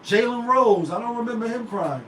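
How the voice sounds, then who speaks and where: A man's voice: very high-pitched, animated, normal speed, fairly bright tone. A man hosting his own unscripted commentary show, talking in slangy, emphatic rants full of rhetorical questions. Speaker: show host. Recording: roomy, distant mic with faint noise.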